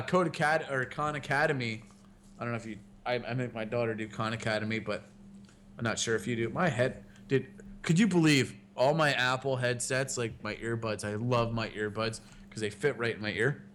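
A man in his thirties hosts a podcast, chatting casually and telling rambling stories full of swearing. His voice is mid-range with a fairly bright tone, and there's slight background noise.

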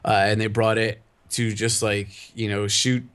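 A man's voice: lowish voice, level tone, measured pace, fairly bright tone, clear, resonant tone. Giggly rambling male podcast co-host. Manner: laughs often, rambling with fillers. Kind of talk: casual chat.

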